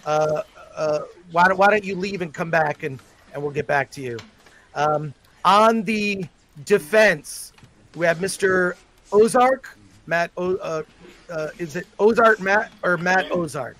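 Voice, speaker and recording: Acting as a mock judge on a livestream, a man with a strikingly high and somewhat bright voice joins via video call. He talks a little slowly, his solemn courtroom manner punctuated by plenty of fillers.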